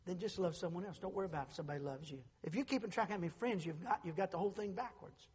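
A middle-aged man preaching a sermon as pastor, moving between quiet storytelling and shouted proclamation. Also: sits high, fast, husky, long reverb tail.

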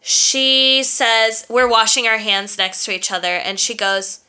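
A young woman co-hosting a podcast, telling a story in a sassy, profane, animated way. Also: on the high side, unhurried, hardly any pauses, smooth. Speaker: podcast co-host. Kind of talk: casual storytelling chat.

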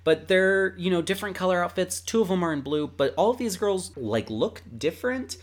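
A man's voice: high voice, expressive, fairly quick. A man co-hosting a casual chat, recapping a story in an easygoing, rambling way with lots of fillers. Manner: chatty, with frequent fillers. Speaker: podcast co-host.

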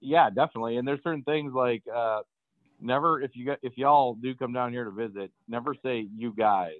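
A man's voice: mid-range voice, brisk, dry recording, phone-quality sound. A man from Wisconsin with a Wisconsin accent, co-hosting a podcast in a casual, chatty way and laughing often. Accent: Upper Midwest, Wisconsin. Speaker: podcast co-host. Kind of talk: casual chat.

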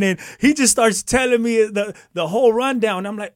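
A man's voice: high voice, normal speed, few pauses, no room sound, clean studio sound. A man casually telling his life story, acting out the voices of the people in it and laughing often. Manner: animated, acts out voices in quotes, laughs often. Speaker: guest telling his testimony.

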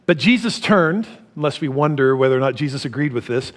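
A middle-aged man preaching a sermon, animated, laughing often and swinging from loud to soft. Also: medium pitch, fairly quick. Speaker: pastor.

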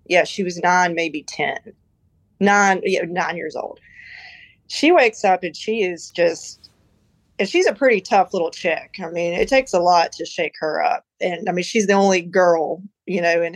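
A woman's voice: fairly low pitch, no room sound, poor audio. A woman on a podcast as a guest, telling a personal story in a chatty, rambling way with lots of "you know" and "like". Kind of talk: casual storytelling.

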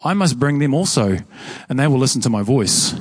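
A man's voice: mid-range voice, expressive, brisk, slightly rough, dry recording. A man preaching a sermon in a church in a conversational way, often repeating phrases for emphasis. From New Zealand. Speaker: pastor.

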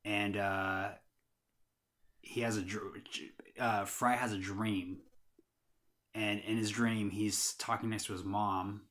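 Low-voiced man telling a story. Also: level tone, fairly bright tone. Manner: rambling storyteller, halting restarts. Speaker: podcast co-host. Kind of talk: casual chat.

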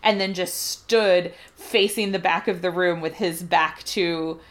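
A woman co-hosting a casual podcast about films, talking in an animated, indignant way and quoting others in asides. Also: on the low side, measured pace. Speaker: podcast co-host. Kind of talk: casual film chat.

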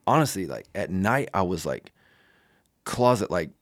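A man's voice: low-pitched, big pitch swings, a little slow, no echo, clean studio sound. A young male preacher telling a personal story in a loose, casual way with many fillers.

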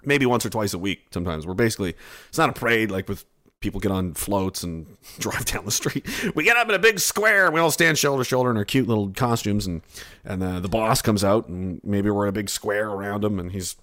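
A young man, from Canada, chatting casually to his chat with profane jokes and rambling stories. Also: lowish voice. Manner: profane, joking, animated storytelling with shouted bits. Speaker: streamer reading chat.

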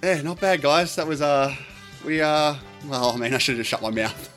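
A man hosting a casual podcast, his voice sitting a little high for a man. He chats loosely, pokes fun at himself and keeps the game rounds moving along. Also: moderate pace, fairly bright tone, faint music behind. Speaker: podcast host.

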